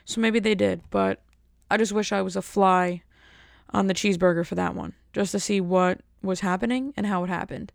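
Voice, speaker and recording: A woman's voice: medium pitch, steady tone, normal speed, creaky, no room sound, studio quality. A woman chatting casually to her viewers, rambling and joking at her own expense. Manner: rambling, jokey, self-mocking. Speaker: vlogger. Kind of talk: casual chat to camera.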